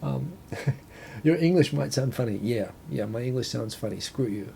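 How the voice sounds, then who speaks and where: A middle-aged New Zealand man hosts a casual live talk show, his accent softened after years abroad. His voice is gravelly and dark, and he rambles through a list with lots of restarts and asides. A faint rumble sits under the recording. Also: animated, normal speed.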